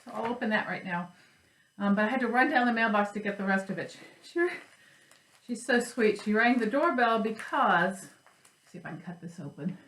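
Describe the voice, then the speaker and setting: A woman's voice: medium pitch, animated, a little fast, a bit bright. Chatty woman in an echoey craft room. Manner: chatty, rambling, self-deprecating. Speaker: flosstube host. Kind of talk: casual chat about crafts.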